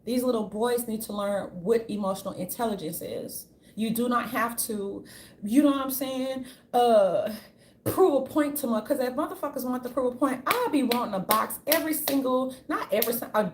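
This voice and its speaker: This woman vlogger, her voice on the high side and her speed normal, rants casually and bluntly, cursing freely and rambling with many restarts. Her opinion piece is recorded with a roomy echo and faint ambience.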